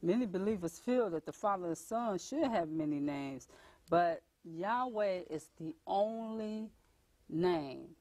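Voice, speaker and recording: A woman's voice: lowish voice, expressive, slow pace, darkish tone, dry recording. A woman hosting a religious talk show, chatting earnestly with her guest and laughing easily.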